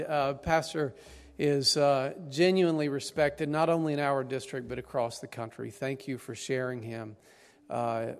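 Tired East Tennessee preacher in a hall. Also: male voice, mid-range voice. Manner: folksy, self-deprecating humor. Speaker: district superintendent, guest preacher. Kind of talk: sermon introduction. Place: church sanctuary. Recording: long church hall reverb.

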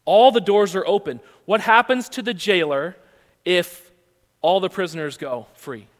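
High-voiced male pastor preaching. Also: measured pace, big-room sound. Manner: animated storytelling with rhetorical questions. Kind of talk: sermon.

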